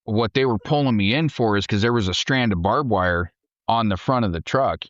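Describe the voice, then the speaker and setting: A man's voice: moderate pace, dry recording, muffled recording. A man telling war stories in casual conversation, swearing freely and acting out quotes in a raised voice. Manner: profane, animated, acts out quotes in a shouted high voice. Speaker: podcast guest, Marine veteran. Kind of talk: casual storytelling.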